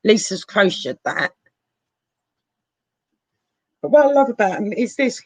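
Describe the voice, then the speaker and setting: Sitting on her sofa at home, a woman gives a live tarot reading and calls her viewers darling and honey. Her medium-pitched voice swings widely, runs a little fast, and sounds darkish and slightly rough, on a dry, low-quality recording.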